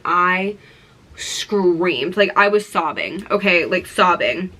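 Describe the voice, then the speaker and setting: A young woman talks straight to her camera in a bright, crisp voice, gushing and piling on exclamations as she tells her story. Her delivery is breathless and chatty, full of little fillers. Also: medium pitch, lively intonation, measured pace. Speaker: vlogger.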